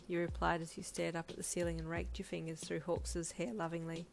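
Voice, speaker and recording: Woman reading a romance story softly. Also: on the low side, completely flat delivery, a little fast, vocal fry, hardly any pauses, a little hiss or hum. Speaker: fan fiction reader. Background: faint lo-fi music.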